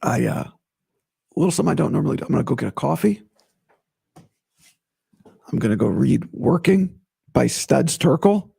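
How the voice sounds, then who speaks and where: Hoarse guy ranting on his podcast, gravelly, swings his pitch all over. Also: normal speed, long pauses. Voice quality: raspy, gravelly. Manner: animated, emphatic, repeats himself. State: strained, recovering voice. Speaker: podcast host. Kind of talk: casual solo podcast talk.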